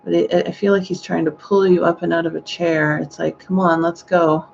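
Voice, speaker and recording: Gentle gravelly-voiced woman medium. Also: on the low side, steady tone, fairly quick, muffled recording, slight background noise. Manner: gentle, hesitant, with sighing exclamations. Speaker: psychic medium. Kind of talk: live-streamed psychic reading.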